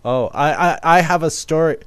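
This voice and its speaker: A man in his fifties co-hosting a podcast, telling a story in an animated way. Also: on the high side, moderate pace, clear, resonant tone, no echo. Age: 50s. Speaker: podcast co-host. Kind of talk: casual podcast chat.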